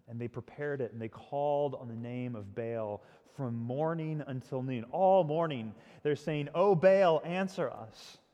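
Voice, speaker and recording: Pastor preaching in a hall. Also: male voice, mid-range voice. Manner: dramatic storytelling, swinging from loud to hushed. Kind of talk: sermon. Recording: long hall reverb.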